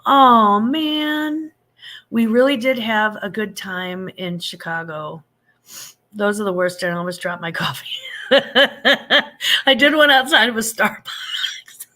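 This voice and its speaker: A woman's voice: lowish voice, pushed and bright. A woman in her fifties hosting a casual live-stream chat. She rambles happily with lots of fillers and restarts, and greets viewers with pet names like sugar and honey. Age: 50s. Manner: affectionate, greets viewers with endearments.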